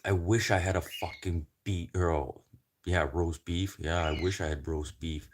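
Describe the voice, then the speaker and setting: A man's voice: low-pitched, steady tone, measured pace. A man from the Canadian prairies chatting casually in a rambling, joking way, swearing constantly. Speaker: vlogger.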